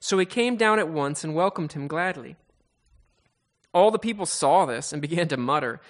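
A man's voice: fairly high pitch, lively intonation, moderate pace. Man preaching a dramatic Bible retelling. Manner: dramatic retelling with frequent restarts and stammers. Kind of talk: sermon storytelling.

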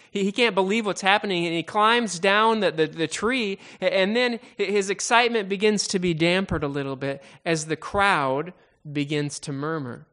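Male preacher, a touch high-voiced, telling a Bible story with drama and many stammered restarts. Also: normal speed, pushed and bright. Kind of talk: sermon storytelling.

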